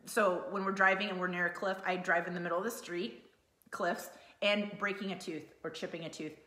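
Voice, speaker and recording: Female co-host, thirties, chatty, bright voice, roomy echo. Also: lowish voice, fairly even intonation, brisk. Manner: chatty, laughs along. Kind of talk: casual chat.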